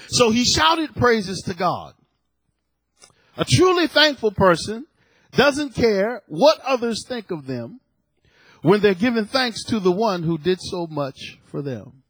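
A man in his fifties preaching a sermon, emphatic, repeating his words and rising at times to shouts. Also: high-pitched, sing-song, slow, breathy edge, dry recording. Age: 50s.

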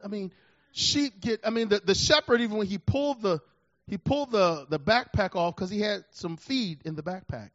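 A male preacher with a notably high voice delivers a sermon, swinging from loud emphatic declarations to hushed, drawn-out words. The recording sounds muffled and lo-fi. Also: dry recording.

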